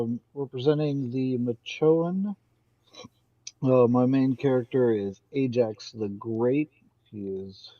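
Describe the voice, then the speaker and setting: Male player, unhurried and halting, muffled dry mic. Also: mid-range voice, no room sound. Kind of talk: casual chat.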